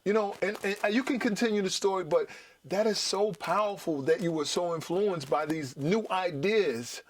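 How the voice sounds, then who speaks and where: A man's voice: sits high, normal speed. A male host speaking earnestly and with emphasis, stumbling over restarts as he praises his guest. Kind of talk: interview.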